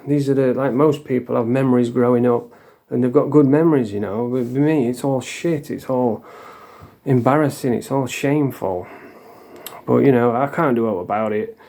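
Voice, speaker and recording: A man's voice: mid-range voice, normal speed, mellow. A middle-aged man from England telling his own story in a blunt, sweary, confessional way. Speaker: vlogger. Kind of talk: casual storytelling.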